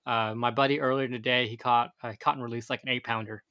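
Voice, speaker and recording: A man's voice: medium pitch, flat delivery, fast, bright, forceful tone, clear, resonant tone. A man, co-hosting a casual fishing podcast and talking in a rambling way with many restarts. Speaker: podcast co-host. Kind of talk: casual chat.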